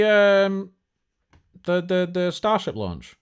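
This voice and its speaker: A man's voice: high-pitched, wildly swooping pitch, a little slow, smooth. A man hosting a casual tech live stream, chatty and joking, with lots of fillers and restarts. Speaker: tech show host.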